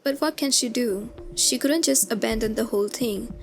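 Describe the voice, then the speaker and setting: A woman's voice: a little high, moderate pace. A woman narrating a scripted commentary voice-over in a conversational, explanatory way. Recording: music bed underneath.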